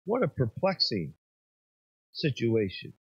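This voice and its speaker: Emphatic preacher with a swooping delivery. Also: male voice, medium pitch, sing-song, slow pace, slightly rough, no echo, dull audio. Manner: emphatic, rises and drops sharply for effect. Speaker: pastor. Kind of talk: sermon.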